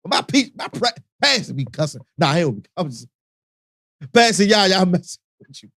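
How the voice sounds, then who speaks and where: High, lively-voiced radio host. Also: male voice, moderate pace, dry recording, clean studio sound. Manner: animated, preachy, conversational with slang. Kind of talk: casual radio talk.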